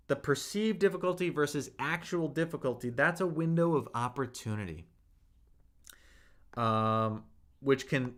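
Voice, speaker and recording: A young man teaches Mandarin on a livestream, reading out chat comments and coaching viewers with hyped-up enthusiasm. His voice is medium in pitch and a bit bright.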